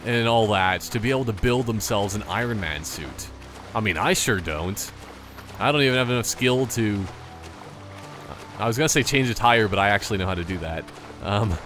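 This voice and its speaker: A man's voice: lowish voice, fairly bright tone. A young man giving casual gameplay commentary, rambling through jokey asides.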